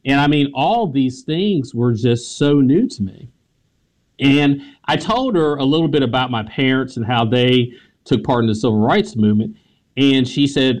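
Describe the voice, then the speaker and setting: A man's voice: mid-range voice, normal speed. Southern American man telling a story. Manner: animated, laughs often, repeats words. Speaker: author, history teacher. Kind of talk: interview storytelling.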